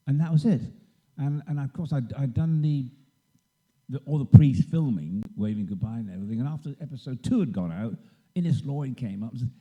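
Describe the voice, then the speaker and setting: A man's voice: mid-range voice, animated, a little fast, dark tone, dull audio. An older man telling rambling anecdotes on a convention panel and acting out the voices of people he quotes. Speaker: guest actor on a convention panel. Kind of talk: anecdotal storytelling. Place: convention stage.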